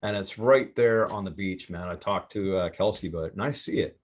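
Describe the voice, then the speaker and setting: Excitable, foul-mouthed man host. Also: low voice, fairly quick. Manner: profane, excitable, rambling. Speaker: podcast host. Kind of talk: casual storytelling chat. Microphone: remote call setup.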